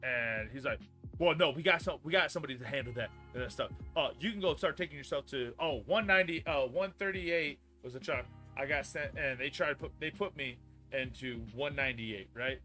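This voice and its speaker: A man in his thirties telling a long work story on a stream, profane and rambling, growing loud and heated as he goes. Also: medium pitch, a little fast, faint music behind. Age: 30s. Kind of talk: casual storytelling chat.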